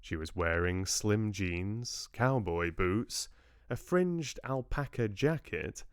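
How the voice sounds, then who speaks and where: Low, unhurried male storyteller. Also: smooth, dry recording, clean studio sound. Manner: measured, expressive storytelling. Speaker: book club host reading aloud. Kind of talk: novel read aloud on a livestream.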